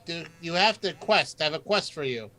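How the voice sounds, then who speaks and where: A man's voice: a little high, expressive, a little fast, crowd noise. A man performing improv comedy, snarky and dry.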